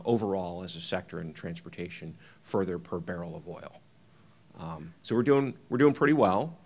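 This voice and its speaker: A man with a very low voice presents a keynote at a conference. He walks through his slides with frequent ums and uhs and restarts his sentences. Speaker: keynote speaker.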